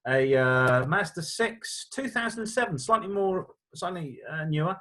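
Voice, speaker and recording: A man's voice: a little high, unhurried. A middle-aged man co-hosting a car show, chatting casually through viewer letters in a jokey, stammering way. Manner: lively, jokey, stammering restarts.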